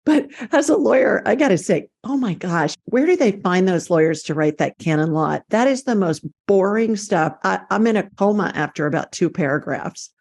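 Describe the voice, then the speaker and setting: A woman hosting an interview, speaking with brisk humorous asides. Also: mid-range voice, lively intonation, creaky, a little mellow. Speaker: podcast host, psychic and medical intuitive. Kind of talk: interview conversation.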